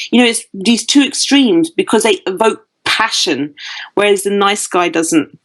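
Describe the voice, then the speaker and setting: A woman's voice: mid-range voice, a little slow, low-quality recording. A woman with a British accent, a dating coach guest on an interview podcast, talking bluntly and emphatically. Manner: emphatic, blunt advice-giving.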